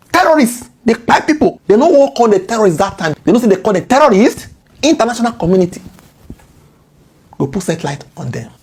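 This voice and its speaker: A woman's voice: mid-range voice, a little mellow, husky. A woman with a Nigerian accent mixing in Pidgin, giving impassioned political commentary full of indignant rhetorical questions and repeated key words.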